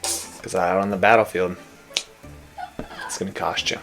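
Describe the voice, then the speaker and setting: A man's voice: sits low, little pitch movement, unhurried, vocal fry, music in the background. A man casually reacting to a fantasy romance novel he is reading, joking and laughing a lot. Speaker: book reviewer, reader.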